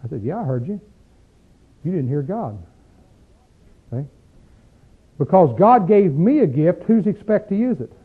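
A man's voice: a little high, big pitch swings, slightly rough. A male preacher giving a conversational sermon, reading scripture aloud and asking the congregation plain rhetorical questions. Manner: rises into loud, drawn-out chanting when acting out crowds in the text. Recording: tinny phone-like lo-fi recording.

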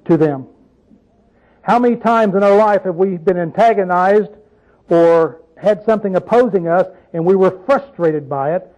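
A man's voice: high-pitched, a little mellow, highs cut off. A man preaching an informal Bible teaching, conversational, often asking his listeners questions and telling folksy stories. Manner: conversational, asks the audience questions, tells folksy asides.

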